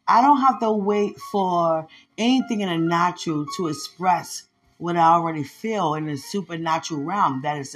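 A woman's voice: lowish voice, fairly bright tone. A woman hosting a podcast, talking playfully and affectionately, often laughing and breaking into prayer. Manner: playful, laughing, drawn-out exclamations. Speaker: podcast host. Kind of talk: affectionate casual monologue with prayer.

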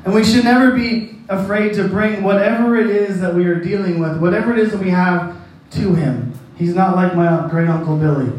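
A man's voice: high voice, steady tone, a little fast, a little mellow. A man preaching a sermon who tells a personal story in a rambling, folksy way and laughs at his own jokes. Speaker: pastor. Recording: echoey hall, distant mic.

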